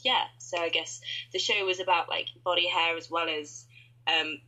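A woman's voice: lowish voice, steady tone, moderate pace, bright, forceful tone, low-quality recording. A British woman in her twenties, a podcast guest chatting casually and thinking aloud with a self-deprecating manner. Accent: British English. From Britain. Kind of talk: casual chat.

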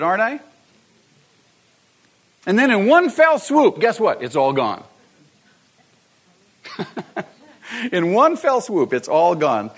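A man's voice: sits high, very animated, takes it slowly, long pauses. A man preaching a sermon, repeating his key phrases and asking the congregation rhetorical questions. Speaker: pastor.

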